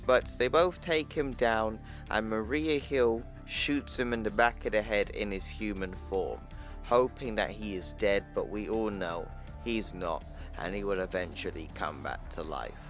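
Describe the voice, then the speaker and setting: Guy w a lowish voice talking through a comic plot all chatty, calls everyone "people", quiet music playing under him. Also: unhurried. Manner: chatty, addresses viewers as "people", retells dialogue plainly. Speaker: comic book explainer channel host. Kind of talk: casual comic recap narration.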